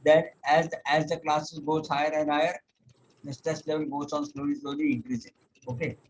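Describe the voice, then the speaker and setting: A man with a fairly high voice teaches yoga over a video call. He explains slowly, step by step, often stopping on "okay", and chants old verses at an unhurried pace. A faint hiss and occasional clicks sit under the audio. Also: level tone, rough recording. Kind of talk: online lecture.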